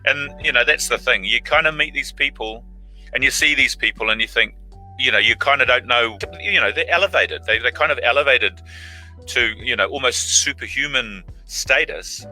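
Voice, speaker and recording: A man's voice: medium pitch, moderate pace, sharp tone, faint music behind, low-quality recording. A middle-aged man, an actor guest, telling casual stories over a video call, acting out quoted lines in big voices. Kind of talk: casual anecdotal storytelling.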